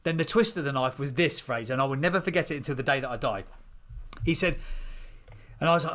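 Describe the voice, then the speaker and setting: Man, 30s, podcast guest; rapid storyteller who acts out voices. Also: fairly high pitch. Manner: animated, acts out other people's voices.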